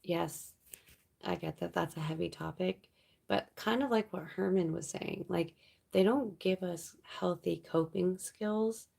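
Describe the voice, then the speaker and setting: Gravelly slow-talking Canadian woman streamer. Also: fairly low pitch, darkish tone. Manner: rambling, reads viewer comments aloud. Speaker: livestream host. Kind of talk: late-night casual chat with viewers.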